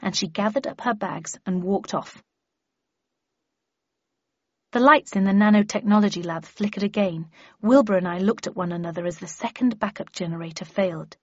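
A woman narrates a first-person audiobook in a brisk, wry way. Her voice is a little husky and sits mid-range. The recording is dry and slightly dull. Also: mid-range voice, dry recording.

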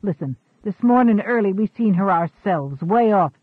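A man's voice: high voice, expressive, moderate pace, slightly rough, no room sound. Male reader as a burly slave catcher, blustering and threatening, tinny radio sound.

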